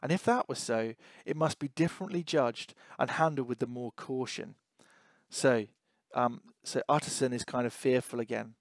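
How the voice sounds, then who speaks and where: A man's voice: medium pitch, moderate pace, no echo. Man teaching a novel chapter, dry close sound. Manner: thinking aloud with fillers and restarts, asking questions. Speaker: English teacher. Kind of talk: reading aloud and annotating a novel.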